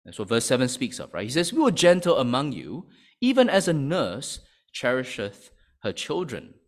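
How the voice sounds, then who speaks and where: A man delivers a church sermon in a lively, rising-and-falling voice at a middle pitch. He leans on rhetorical questions and keeps checking in with his listeners with a quick "right?". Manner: animated preaching with rhetorical questions and frequent "right?". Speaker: pastor.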